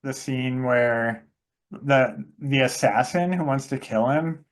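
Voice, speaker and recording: A man's voice: medium pitch, takes it slowly. A man co-hosting a casual movie podcast, rambling with lots of fillers and acting out scenes he retells. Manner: rambling, many fillers, acts out quoted lines. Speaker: podcast co-host. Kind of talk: casual chat about movies.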